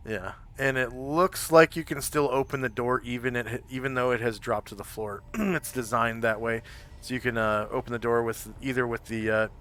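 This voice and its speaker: A man running a tabletop game, describing scenes haltingly with many fillers. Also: medium pitch, steady tone, fairly bright tone. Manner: hesitant, full of fillers. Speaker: game master. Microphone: home microphone on a live stream.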